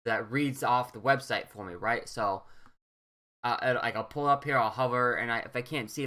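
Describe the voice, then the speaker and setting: In this screen-recorded coding lesson, a young man teaches in a bright, forceful, medium-pitched voice. His explanations wander casually, and he keeps tossing in "right?" to make sure students follow.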